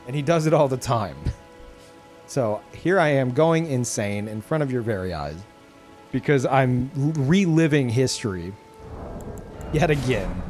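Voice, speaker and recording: A man's voice: mid-range voice, animated, a little slow, long pauses, a little mellow, soft background music. A young man streaming live gameplay, ranting in exasperation, laughing and swearing as he plays.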